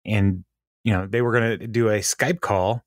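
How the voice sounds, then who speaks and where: A man's voice: lowish voice, fairly even intonation, moderate pace, no room sound, clean studio sound. A man co-hosting a podcast, recapping a TV episode in casual, meandering chat and chuckling often. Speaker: podcast co-host.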